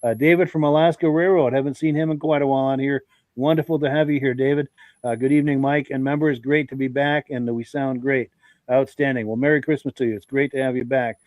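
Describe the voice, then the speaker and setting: A man's voice: medium pitch, fairly even intonation, fast, a little mellow, no room sound, poor audio. A congested man hosting a live podcast, chatting in a friendly, folksy way and greeting viewers by name as he reads their comments. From Vermont. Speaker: podcast host.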